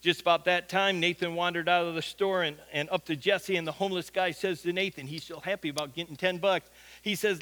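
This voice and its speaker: A man's voice: sits high, steady tone, fairly quick, bright, forceful tone. A middle-aged man, a pastor, telling a folksy anecdote during a sermon. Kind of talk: sermon storytelling.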